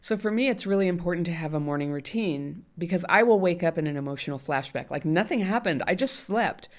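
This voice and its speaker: A woman's voice: fairly low pitch, lively intonation, fairly quick. A middle-aged woman, a guest in an interview, talking candidly and animatedly, often laughing. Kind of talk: conversational interview.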